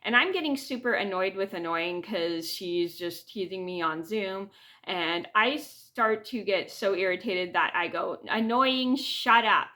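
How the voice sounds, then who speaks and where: A woman's voice: lowish voice, unhurried, sharp tone. A woman vlogger telling a personal story casually to her camera, rambling with restarts and fillers. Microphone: camera mic.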